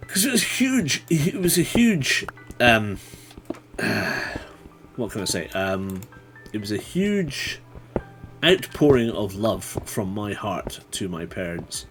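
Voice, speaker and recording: A man's voice: on the low side, big pitch swings, slow pace, fairly bright tone, soft background music. A man chatting casually to his viewers while playing a game on a livestream, rambling and swearing when startled. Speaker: streamer. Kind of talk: casual gaming livestream chat.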